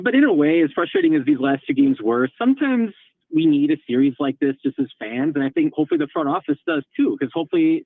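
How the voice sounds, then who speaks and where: Fast-talking man on a tinny phone line. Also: on the high side, no echo. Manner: rambling, hedging with restarts. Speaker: co-host or guest. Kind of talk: casual sports talk.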